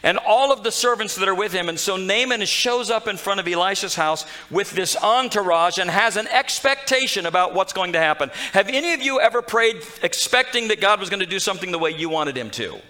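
A male pastor preaches, telling a Bible story with animated storytelling and slipping into its characters' voices. His voice sits high and sounds bright and forceful. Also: a little fast, hardly any pauses, low-quality recording. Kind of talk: sermon.

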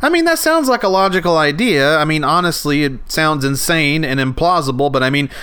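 A man's voice: fairly high pitch, expressive, fairly quick, pushed and bright, smooth. A man hosting a comedy sketch podcast, sarcastic and exasperated. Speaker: host.

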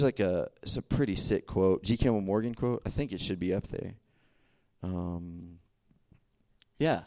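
A young man preaches in an easy, conversational way, acting out the back-and-forth of stories and checking in with "right?" after his points. His voice sits low and deep. The sound is dry and close, with no room echo. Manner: animated storytelling, acts out dialogue, frequent "right?" and "okay?". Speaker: youth preacher. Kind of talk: casual sermon.

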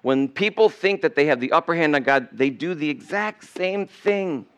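A man's voice: a little high, animated, moderate pace, fairly bright tone, clear, resonant tone. A male pastor preaching a sermon in a conversational way, now and then acting out the people in the story. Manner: conversational preaching, acts out quoted voices. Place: church sanctuary.

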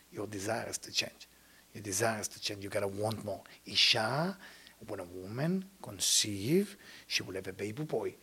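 Gravelly, animated male spiritual teacher. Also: on the low side. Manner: non-native English grammar, animated, swings between loud and hushed. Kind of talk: spiritual lecture.

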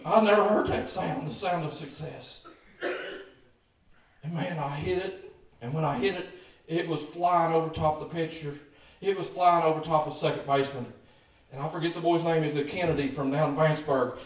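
A pastor delivers a folksy, storytelling sermon in a fairly high voice. He calls out to the congregation as he goes. The sound is caught from far off in a very echoey church hall. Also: steady tone, moderate pace.

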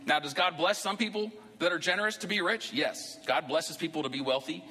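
A man's voice: fairly high pitch, a little fast, bright, forceful tone, big-room sound. A man preaching a sermon to his church as pastor, talking conversationally and rising into emphatic bursts. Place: church sanctuary.

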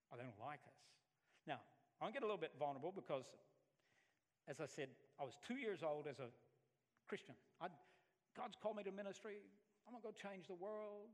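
A man's voice: fairly high pitch, long reverb tail. A man from Alabama, preaching a sermon and telling stories with acted-out voices. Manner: animated storytelling, acts out voices. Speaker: pastor.

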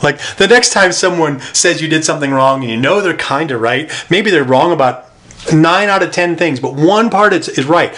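A pastor delivers a sermon conversationally, posing rhetorical questions. His voice is a little high, a bit bright and expressive, at a normal speed.

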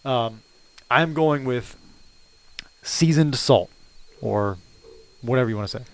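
Easygoing podcast man, smooth clear voice. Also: medium pitch, takes it slowly. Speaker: podcast co-host. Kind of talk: casual sports and food chat.

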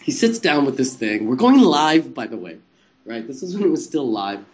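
A man at a middle pitch tells a long story in a loose, rambling style. He laughs often, swears freely and keeps adding "like" and "you know." He sounds like a guest swapping stories in a relaxed chat. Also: normal speed. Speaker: guest, former live TV presenter.

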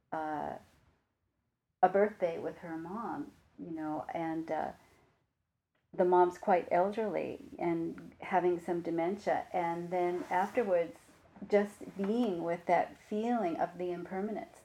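A woman giving a dharma talk as a meditation teacher, reflective and unhurried, with frequent pauses and fillers. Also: lowish voice, mellow.

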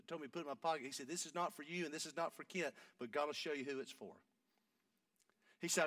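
A man, preaching a sermon and telling a story, going from hushed talk up to shouting. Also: on the high side, dry recording, recorded from a distance.

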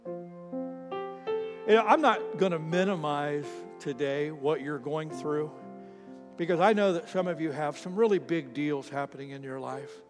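A man preaching a sermon as pastor, telling stories with animated emphasis that rises to shouts at the peaks. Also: a little high, a little slow, in a large hall, music in the background. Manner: animated storytelling, rising to shouts at climaxes.

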